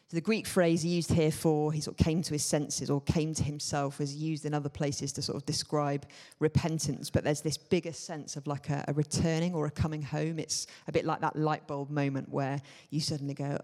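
A man's voice: fairly high pitch, little pitch movement, a little fast, hardly any pauses, a little mellow. Man preaching casually in a hall. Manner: informal and hedging, many fillers and asides. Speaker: church speaker. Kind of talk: conversational sermon teaching. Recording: long hall reverb.

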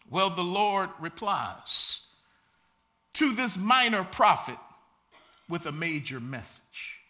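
A male pastor preaching a sermon, speaking with passion and sometimes building to shouts. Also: high-pitched, big pitch swings, slow pace, pauses often.

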